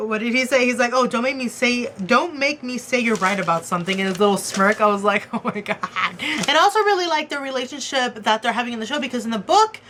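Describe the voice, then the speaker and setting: A young woman gushes through a casual TV episode review, her voice bright and fairly high. She is excitable and fills her talk with "um" and "like". A faint hum of ambient noise sits behind her. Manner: excitable, gushing, many fillers like "um" and "like".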